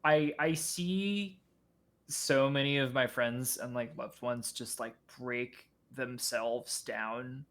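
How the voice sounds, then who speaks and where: A man talking casually as a podcast guest. He speaks haltingly, circling back and restarting his sentences, with a voice of middling pitch. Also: fairly even intonation, a bit bright. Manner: halting, many fillers and restarts.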